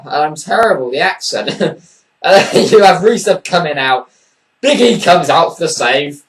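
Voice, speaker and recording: A man with a slightly high voice delivers a casual, rambling review, blunt and dismissive, with frequent swearing and plenty of fillers. He sits a little back from the microphone, so his voice sounds somewhat distant. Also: expressive, measured pace. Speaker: wrestling show reviewer.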